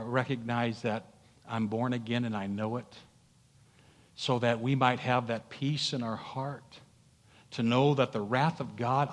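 A man preaching a sermon as pastor, emphatic, swelling to loud peaks and stumbling through fillers. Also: medium pitch. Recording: long hall reverb.

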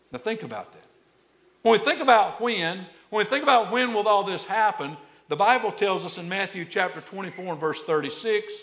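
A pastor delivers his sermon in a notably high voice. He moves from animated, repeated words to a hushed, slow tone when he wants a point to land.

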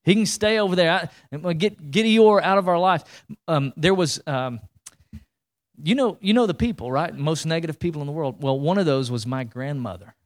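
A man preaching a sermon as pastor, energetic and repetitive, often restarting his sentences as he pushes his point. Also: mid-range voice.

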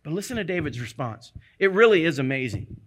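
A man's voice: fairly high pitch, sing-song, a little fast. A male pastor preaching a sermon, earnest and emphatic, repeating phrases to press his point.

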